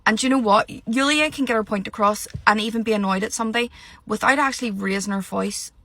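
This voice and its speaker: A young woman vents in a heated, sweary rant. Her voice is bright and forceful. The recording is dry and close, with no room sound. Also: on the high side, fast talker, dry recording. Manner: heated, sweary, exasperated ranting. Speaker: reality TV commentator. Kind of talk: ranting vlog.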